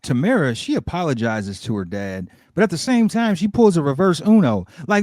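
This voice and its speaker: A man's voice: a little high, big pitch swings, normal speed, hardly any pauses, darkish tone, no room sound, studio quality. A man co-hosting a podcast, recapping a show jokingly and often slipping into quoted lines from the characters. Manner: jokey, slips into character quotes. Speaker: podcast co-host.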